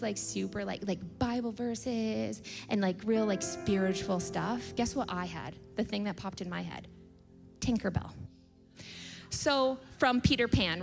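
A woman in her thirties gives a casual, story-driven sermon in a church auditorium, her fairly high voice trailing into a long hall reverb. She talks in a chatty way, with plenty of fillers and little laughs, and acts out the lines of the people in her stories. Faint music plays softly behind her. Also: fairly quick. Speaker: church speaker.

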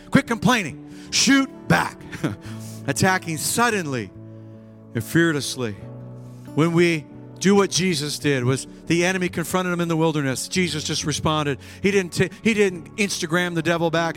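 A man preaching a sermon to a church congregation, animated and acting out scenes with sudden shouts. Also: sits high, normal speed, faint music behind. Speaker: pastor. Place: church with live and online congregation.

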